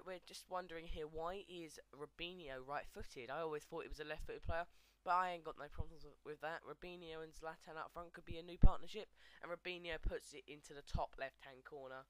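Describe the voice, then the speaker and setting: A man gives relaxed gameplay commentary, chatting to his viewers in a smooth, clear voice that sits a little high. The sound is dry and close, with no room around it. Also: no room sound. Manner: chatty, addresses viewers as guys, frequent fillers. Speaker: gaming video host.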